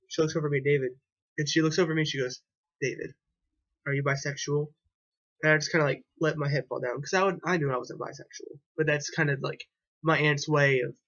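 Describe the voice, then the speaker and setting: A man's voice: on the high side, a bit bright, highs cut off. A young man telling a personal story to camera in a rambling, hesitant way, often restarting and repeating himself. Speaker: vlogger.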